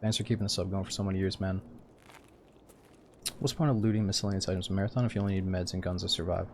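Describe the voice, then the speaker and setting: A sleepy man talks through his game stream in a low, monotone voice, loose and rambling as he chats with viewers. Faint game ambience hums underneath. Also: racing, slight background noise. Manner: laid-back, rambling, says "dude" a lot. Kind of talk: casual gaming stream chat.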